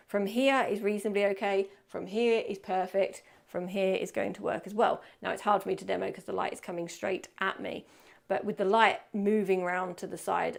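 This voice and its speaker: In a photo studio, a photography workshop tutor with a medium-pitched, creaky voice gives a casual lesson on portrait posing. She chats easily and shows the poses herself as she explains them.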